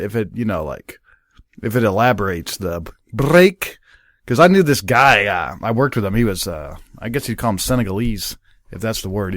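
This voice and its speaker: American man, radio host, lively pitch, dry close sound, casual banter. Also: no room sound. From United States. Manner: animated, laughing, rambling storyteller. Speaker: podcast host.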